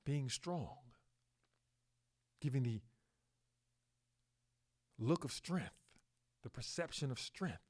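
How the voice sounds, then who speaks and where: A man hosting a solo podcast, talking slowly with fillers and self-corrections, and pushing up on key words for emphasis. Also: mid-range voice, lively intonation. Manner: slow, halting delivery with fillers and self-corrections. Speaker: podcast host.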